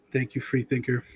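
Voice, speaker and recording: A man's voice: medium pitch, slightly rough. A man in his thirties hosting a podcast, rambling in casual political commentary with a sarcastic edge. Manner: rambling, sarcastic, does mocking impressions. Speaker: podcast host.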